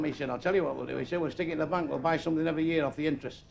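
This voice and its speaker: Gravelly older comic. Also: male voice, on the high side, very fast, a little hiss or hum. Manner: blunt, crude, deadpan delivery. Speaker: stand-up comedian. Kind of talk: stand-up joke telling. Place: comedy club stage. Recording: live club crowd laughing. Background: audience laughter.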